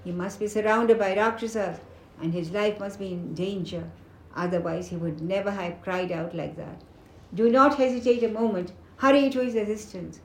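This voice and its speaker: A woman's voice: medium pitch, moderate pace, a little hiss or hum, lightly acted. A woman voicing a frightened young princess who urgently pleads for help, recorded in a roomy, echoing space. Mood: frantic.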